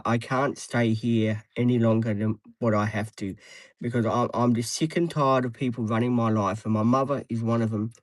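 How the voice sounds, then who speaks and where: A man's voice: medium pitch, no echo, low-quality recording. A man in his thirties live streaming from inside a van, rambling with lots of ums and restarts. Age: 30s. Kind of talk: casual live stream chat. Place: inside a parked van, dim light.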